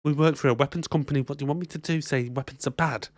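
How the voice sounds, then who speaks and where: A man's voice: a little high, rapid-fire, dry recording, studio quality. A man co-hosting a movie podcast, chatting casually and laughing often. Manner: animated, laughing, mimics characters. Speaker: podcast co-host. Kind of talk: casual movie-recap chat.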